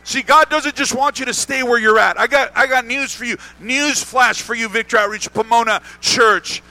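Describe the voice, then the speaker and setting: A male pastor preaching with a very high, piercing, bright voice. He keeps calling on the congregation to answer back and hammers his key phrases again and again. Between scripture points he slips into plain, chatty asides. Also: moderate pace, no room sound. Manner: call-and-response preaching, repeats phrases for emphasis. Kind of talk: sermon.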